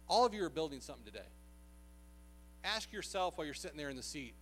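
A man's voice: fairly high pitch, very animated, fast talker, pauses often, slight background noise. A man preaching a sermon, telling a personal story in an earnest, conversational way with frequent filler sounds.

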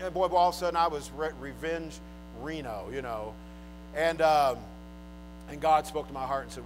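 A man preaching a sermon in a notably high voice. He is emphatic and jokes with the crowd, dropping to a hush and then rising to loud declarations. Faint music plays behind him. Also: moderate pace, rough recording. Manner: emphatic, swinging from hushed to loud, joking.

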